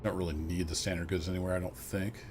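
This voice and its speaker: Low-voiced laid-back man streaming a game. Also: level tone, fast talker, background noise. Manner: easygoing, self-deprecating, thinks aloud to viewers. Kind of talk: casual live gameplay commentary.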